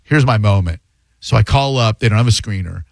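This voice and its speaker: A man's voice: lowish voice, fairly quick, creaky, no echo, studio quality. Joking male radio host telling a story. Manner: joking, self-mocking storyteller. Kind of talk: casual on-air storytelling. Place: radio studio.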